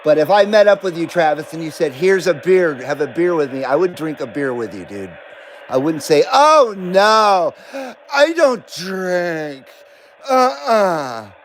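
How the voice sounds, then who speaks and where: A middle-aged man with a fairly high voice rambles casually through a live radio stream. He talks in a loose, laid-back way and swears freely. A faint hum sits behind him. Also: lively intonation, a little fast, darkish tone, rough recording. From Nevada, US. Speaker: CB radio livestream host.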